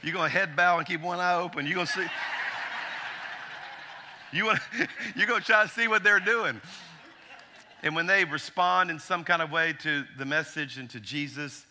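Pastor, forties, male; bright, crisp tone, humorous sermon storyteller. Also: a little high, normal speed, pauses often. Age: 40s. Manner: storytelling with humor, animated asides.

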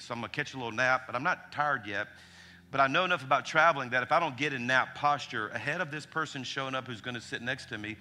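A man, preaching a sermon as a pastor, telling stories animatedly and acting out the voices in them. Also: medium pitch. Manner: animated, acts out quotes, frequent restarts. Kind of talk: sermon storytelling.

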